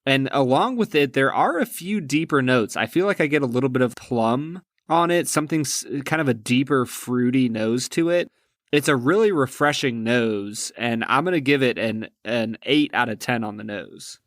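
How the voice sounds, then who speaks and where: A man co-hosts a podcast in loose, casual talk, often asking curious questions. His pitch sits in the middle of the range. The recording is dry and close. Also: expressive, moderate pace, fairly bright tone, no echo. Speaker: podcast co-host.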